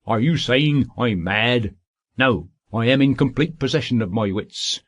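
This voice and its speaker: A blunt, stubborn father who insists and will not be put off, as a male narrator reads him. The voice stays close to the reader's own, mid-pitched and even. The sound is dry and close-miked. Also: measured pace, dry recording. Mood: insistent. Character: angry, stubborn man, a desperate father.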